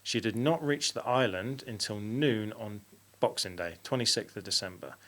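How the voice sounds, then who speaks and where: Reading out facts at a moderate pace, this man hosts a casual podcast conversation in a lowish, somewhat bright voice. Fillers pepper his delivery, and he pauses now and then to fix his own mistakes.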